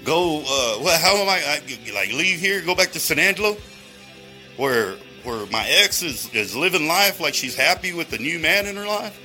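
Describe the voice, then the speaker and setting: A man's voice: fairly high pitch, animated, normal speed, bright, forceful tone, soft background music. A man in a rambling, profane monologue, going off on tangents and talking straight to his listeners. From Texas. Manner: heavy swearing, rambling tangents, addresses listeners directly.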